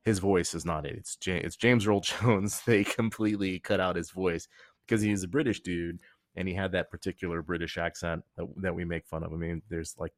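A man's voice: sits low, fairly even intonation, fairly quick, no echo, clean studio sound. A man hosting a podcast in casual chat, rambling and joking as he tells stories, often restarting his sentences. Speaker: podcast host.

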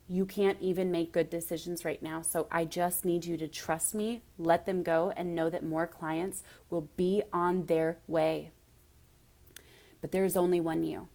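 Earnest woman, lower voice, heartfelt. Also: flat delivery, moderate pace, mellow. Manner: emotional, near tears at times. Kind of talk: motivational monologue.

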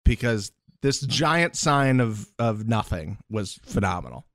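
Expressive man co-hosting a podcast recap. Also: on the low side, unhurried, no room sound, studio quality. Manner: joking, expressive. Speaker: podcast co-host. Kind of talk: casual recap chat.

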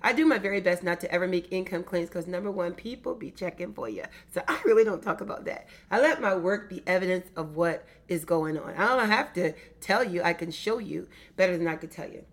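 A woman's voice: lowish voice, brisk, hardly any pauses. A middle-aged woman giving an emphatic motivational business talk, repeating phrases for effect. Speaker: business coach.

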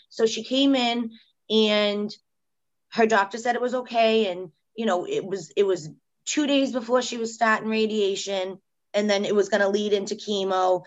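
A woman's voice: medium pitch, moderate pace, rough recording. Chatty woman, heartfelt. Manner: chatty, heartfelt, many "you know" fillers. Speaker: guest, permanent makeup business owner. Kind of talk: casual podcast interview.

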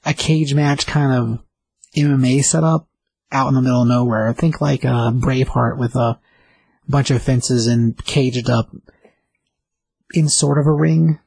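Gravelly, husky man retelling comics. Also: medium pitch, fairly even intonation, measured pace, long pauses, darkish tone, dry recording, rough recording. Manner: loose and chatty, with many fillers and restarts. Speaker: comic book recap host. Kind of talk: casual retelling of a comic story.

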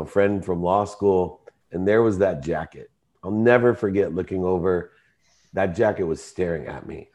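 A man, a guest entrepreneur, telling his life story with emphatic, emotional delivery in an interview. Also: low voice. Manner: emotional, emphatic, rising to shouting in quoted arguments.

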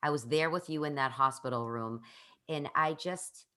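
A woman's voice: low-pitched, moderate pace, bright, forceful tone. A woman hosting an interview, talking earnestly and at length, often restarting her sentences. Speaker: podcast host. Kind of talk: conversational interview.

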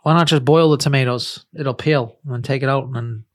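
A man co-hosts a casual podcast and keeps cutting in with crude jokes and quick remarks. His pitch is ordinary. He sounds loose and ribbing. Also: steady tone. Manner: joking, crude interjections. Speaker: podcast co-host. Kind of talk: casual chat.

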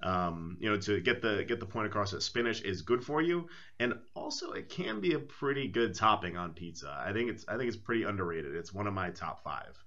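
A man's voice: fairly low pitch, lively intonation, brisk, few pauses, a bit bright, dull audio. A man co-hosting a casual comedy podcast, who breaks into mock-outraged, swearing rants. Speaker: podcast co-host.

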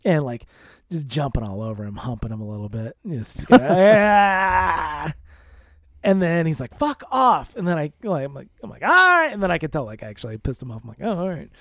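A man's voice: medium pitch, very animated, quick pace, bright, forceful tone, dry recording, clean studio sound. A man in his thirties telling a rambling, profane story in casual chat, often laughing as he talks. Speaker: podcast co-host.

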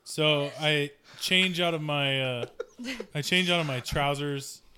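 A man's voice: on the high side, slow pace. Brief: player, man, apologetic and chatty, noisy clicky line.

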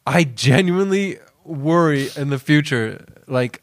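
A man co-hosting a comedy podcast, chatting casually and cracking quick jokes. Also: fairly high pitch, lively intonation, fairly bright tone, no room sound, studio quality. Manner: quick jokey interjections, laughs a lot. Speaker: podcast co-host.

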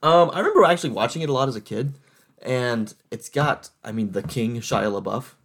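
A man's voice: mid-range voice, animated, brisk, fairly bright tone. A young man co-hosting a casual movie chat, laughing and joking about himself. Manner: laughing, self-conscious joking. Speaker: podcast co-host.

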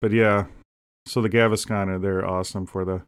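Man podcast co-host, low-pitched, deadpan comic rambler. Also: normal speed, smooth. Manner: deadpan joking, rambling asides. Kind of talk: casual comedic chat.

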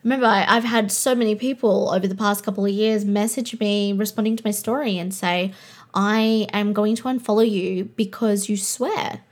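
A woman's voice: mid-range voice, steady tone, moderate pace. A young adult Australian woman, a podcast host and coach, talking in a candid, blunt way and swearing freely. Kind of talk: casual monologue.

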